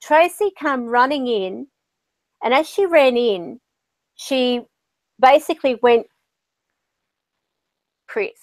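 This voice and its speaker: A woman's voice: high voice, lively intonation, slow pace, long pauses, no echo. Chatty woman medium, dry close sound. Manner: chatty, storytelling with quoted voices. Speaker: spiritual medium, channel host. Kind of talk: casual conversation.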